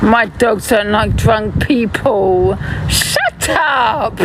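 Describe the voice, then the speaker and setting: A woman with a high voice that swings widely and words that come out slow and drawn. She sounds heated, mocking and quick to swear. She is recorded on a phone on a city street, with loud street noise behind her. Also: expressive. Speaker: live streamer. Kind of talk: confrontational street live stream.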